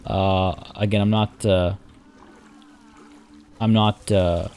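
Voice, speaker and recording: A man casually commenting as he plays a zoo-building game, rambling and chatty, often restarting sentences and filling pauses. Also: deep voice, level tone, a little mellow, clean tone, faint music behind. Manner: rambling, chatty, self-correcting with fillers. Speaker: let's play host.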